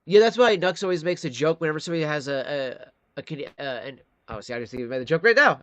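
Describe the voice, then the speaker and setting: A man's voice: a little high, sing-song, fast, hardly any pauses, dry recording. A man from Michigan ranting in a live-stream commentary, profane and rambling, talking straight to his chat. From Michigan, USA.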